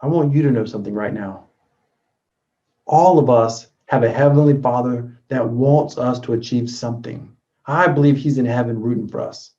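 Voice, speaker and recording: Earnest male storyteller, dark mellow tone. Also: medium pitch, moderate pace. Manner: earnest, shifting between loud and hushed. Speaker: motivational speaker. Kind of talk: storytelling talk. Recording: dull lo-fi recording.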